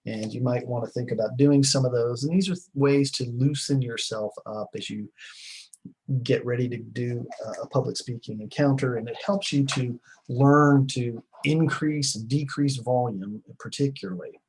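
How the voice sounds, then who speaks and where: A man's voice: mid-range voice, moderate pace, a little mellow, slightly rough, poor audio. A middle-aged man giving a recorded class lecture in a rambling, conversational way, with many fillers and restarts. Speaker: teacher.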